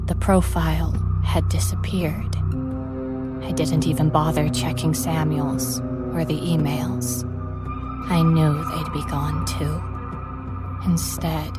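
A woman narrating a first-person horror story in a measured, grave way. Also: deep voice. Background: music.

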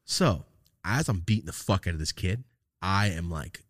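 A man's voice: low-pitched, animated, moderate pace, a bit bright, no room sound, clean studio sound. A man hosting a podcast, telling a rambling, profane story in casual chat. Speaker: podcast host.

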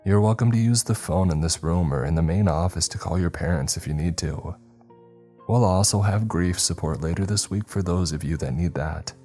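A grief-stricken schoolteacher, played by a man in a spoken story, his words halting and subdued. The voice sits very deep, with soft music under it. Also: lightly acted. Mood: grieving. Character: shaken, grieving male English teacher.

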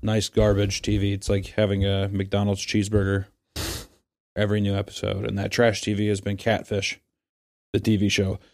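A man co-hosting a podcast in casual chat, telling stories with lots of profanity and acting out quoted people in high mocking voices. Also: moderate pace, creaky, faint music behind. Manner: animated storyteller, acts out quotes in high mocking voices, swears freely. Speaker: podcast co-host.

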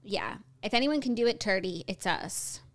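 A woman's voice: mid-range voice, animated. A woman co-hosting a podcast, chatting casually and playfully about pop culture news. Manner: chatty, playful, quick asides. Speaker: podcast co-host.

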